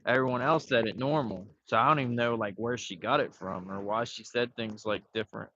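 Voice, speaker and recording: Easygoing fishing-stream host, man, bright forward voice, outdoors on a phone mic, slightly dull sound. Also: medium pitch, brisk. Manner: laid-back, talks to himself while fishing. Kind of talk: casual rambling live chat.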